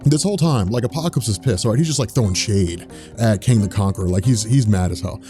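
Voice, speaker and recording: A man's voice: lowish voice, fast talker, mellow, faint music behind. A man casually retelling a comic story as host, rambling with lots of fillers and slang.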